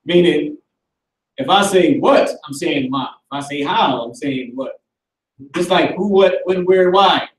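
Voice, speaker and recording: A man's voice: on the high side, unhurried, roomy sound, recorded from a distance, poor audio. A man teaching a casual live language class, loose and slangy, with some swearing.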